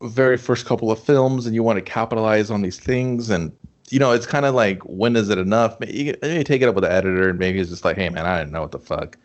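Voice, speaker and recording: A man co-hosting a casual movie review podcast, rambling in a relaxed way, swearing often and saying dude a lot. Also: fairly low pitch, quick pace, dull audio. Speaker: podcast co-host. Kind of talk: casual film review chat.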